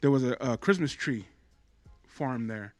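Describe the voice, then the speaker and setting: An animated man, co-hosting a podcast with emphatic, slangy casual chat. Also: medium pitch, unhurried, no echo, soft background music. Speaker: podcast co-host.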